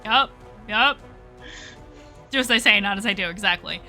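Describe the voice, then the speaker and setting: A woman runs a tabletop game as its game master, her voice bright and crisp in tone. She keeps things upbeat and laughs easily between rulings, with a mid-range pitch. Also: moderate pace, faint music behind.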